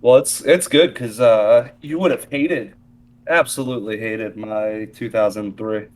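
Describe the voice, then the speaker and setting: A man joining a podcast as a guest, chatting in a relaxed, hesitant way. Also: mid-range voice, unhurried. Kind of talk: casual podcast chat.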